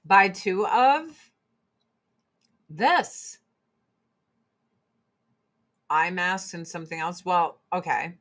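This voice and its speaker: A woman in her forties chatting casually and profanely on a livestream, answering chat between product pitches. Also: lively intonation, takes it slowly, a bit bright. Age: 40s. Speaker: livestream host and Avon seller.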